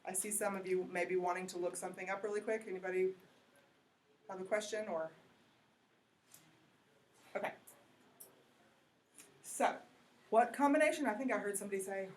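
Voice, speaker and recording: A woman teacher talks through a lecture in a loose, conversational way and keeps checking in with her class. Her voice sits at an ordinary middle pitch. She is heard from some distance from the mic. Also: normal speed, pauses often, slight background noise. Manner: conversational, asks the class questions, goes off on tangents.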